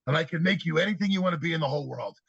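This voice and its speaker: A man with a fairly high, husky voice tells stories on a podcast, acting out the children he talks to. The sound is dry and a little dull, like a simple podcast setup. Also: racing, dry recording. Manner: animated storyteller, acts out kids' answers. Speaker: podcast guest, youth speaker. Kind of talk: storytelling interview talk.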